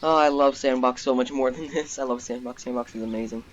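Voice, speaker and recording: A young man giving casual, rambling commentary while playing a zoo game, getting excited easily. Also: mid-range voice, fast, dull audio, slight background noise. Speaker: gaming YouTuber. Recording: background game music.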